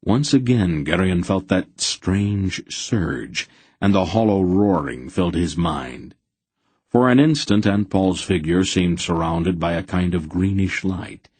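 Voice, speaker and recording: A man narrating an audiobook in a measured, steady storytelling manner. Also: low voice, husky, no echo. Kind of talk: scripted narration.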